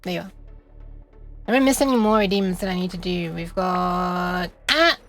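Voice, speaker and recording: This young woman's voice is on the low side, animated and a bit bright, at a moderate pace with faint music in the background. She's casually chatting on a gaming live stream, rambling, giggling, and cutting herself off with frequent restarts.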